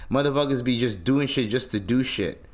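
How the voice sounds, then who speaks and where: A man's voice: medium pitch, moderate pace. Exasperated profane man ranting. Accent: Toronto. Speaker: podcast host. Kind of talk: ranting solo podcast monologue.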